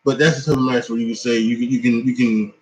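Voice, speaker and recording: A man's voice: mid-range voice, little pitch movement, fast, rough recording. A man giving a casual wrestling reaction, rambling with many fillers and restarts, tired from little sleep. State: tired, yawning. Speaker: wrestling commentator.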